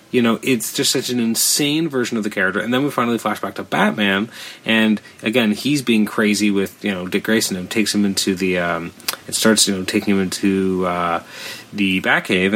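Brief: male comic reviewer, lowish voice, casual and rambling, exasperated. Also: fairly bright tone, low-quality recording. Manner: rambling, exasperated, with many fillers.

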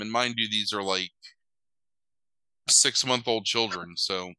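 A man's voice: medium pitch, unhurried, sharp tone, clean tone, no room sound, poor audio. A young man casually recapping a movie plot, rambling with lots of fillers and wry asides.

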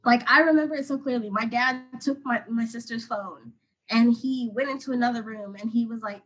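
This podcast guest, a 21-year-old from Atlanta, USA, has a husky, highish voice with a steady tone and a fairly quick delivery. She rambles emotionally through a personal story, leaning heavily on "like," and the audio is dull.

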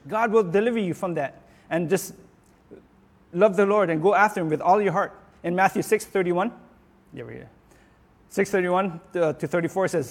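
A man preaching a sermon in an earnest way, often restarting and repeating words, and rising and getting louder on his declarations. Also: sits high, in a large hall. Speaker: pastor.

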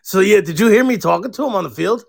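A man with a very high voice hosts a casual podcast. He tells stories in an animated, profane way. He often acts out other people in a loud voice. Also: quick pace, vocal fry. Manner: profane, animated storytelling, mimics others loudly. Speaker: podcast host.

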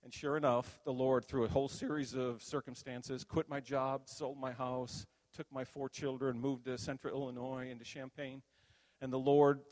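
A middle-aged man giving an animated testimony sermon as a pastor, acting out the voices in his story. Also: medium pitch. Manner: animated storytelling, acts out quotes. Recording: long hall reverb.

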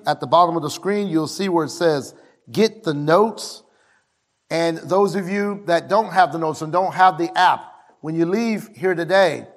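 High, lively-voiced male pastor preaching. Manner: energetic, leads a call-and-response of declarations, often shouting. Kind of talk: sermon. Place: church sanctuary with a live congregation.

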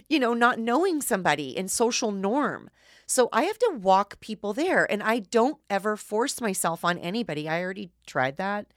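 A woman in her thirties telling an animated, emotional story to her listeners in a casual way. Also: fairly low pitch, dry recording, studio quality.

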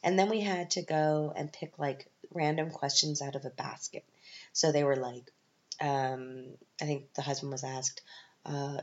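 A woman's voice: very deep voice, steady tone, moderate pace, highs cut off. A middle-aged Canadian woman telling rambling, wry stories on her podcast, with lots of ums and self-deprecating asides. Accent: Canadian English. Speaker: podcast host. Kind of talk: casual storytelling monologue.

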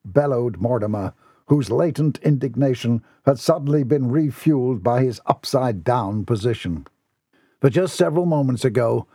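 A man narrates a comic novel with wry, theatrical relish. His voice is gravelly and a touch husky. The recording is dry, with no room sound. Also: medium pitch, warm tone, no room sound. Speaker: audiobook narrator. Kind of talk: scripted narration.

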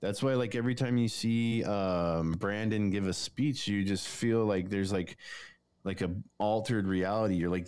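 A man's voice: lowish voice, steady tone, normal speed, darkish tone, clean tone. A man co-hosting a casual podcast, rambling with lots of filler words and frequent swearing. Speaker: podcast co-host. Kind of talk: casual profane chat.

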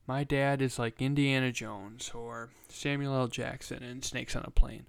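A man's voice: medium pitch, normal speed, vocal fry, hardly any pauses. A young man hosting his own podcast, rambling casually with profanity and self-mocking asides. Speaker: podcast host. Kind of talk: casual solo podcast chat.

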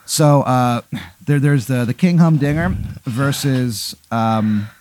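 A man's voice: medium pitch, slow pace, darkish tone, a little hiss or hum. A man hosting, playfully laying out an improvised comic scenario and acting out voices.

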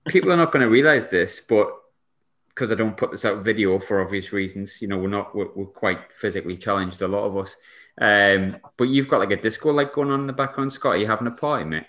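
A man's voice: fairly low pitch, quick pace, fairly bright tone. A man hosting a casual podcast chat, teasing his co-hosts with questions. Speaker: podcast host.

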